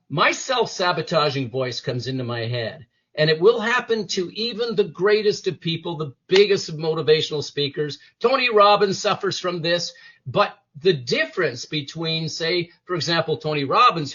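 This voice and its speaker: A man with a husky, fairly high voice speaks in a motivational interview. His pitch swings widely as he acts out inner voices and quotes. The sound is dull and lo-fi. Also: sharp tone. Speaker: interview guest, former police detective.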